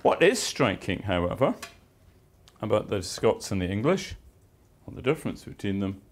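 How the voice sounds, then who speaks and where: A man's voice: on the low side, very animated, normal speed. A man giving a university lecture, with dry, wry asides and emphatic stresses on key words. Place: lecture theatre.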